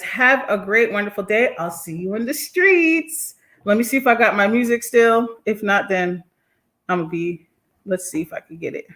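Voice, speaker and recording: A woman hosting a casual live stream, reading viewer comments aloud, blunt and animated, often laughing and swearing. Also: fairly high pitch. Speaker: livestream host reading chat comments.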